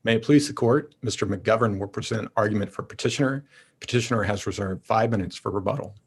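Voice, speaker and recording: A man's voice: on the low side, quick pace, breathy edge. A man serving as court marshal, calling the court to order with a formal ceremonial cry. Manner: declamatory, ceremonial cadence.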